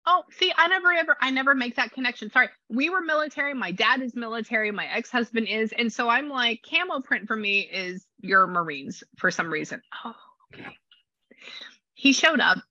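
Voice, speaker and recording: A woman giving a casual psychic reading, talking in an animated, rambling way full of exclamations. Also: fairly high pitch, fairly quick, no room sound, lo-fi sound. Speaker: psychic medium.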